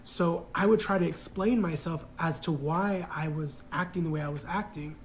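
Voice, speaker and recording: A man's voice: a little high, normal speed, slight background noise, low-quality recording. A man casually telling a personal story in a reflective, hesitant way, full of fillers.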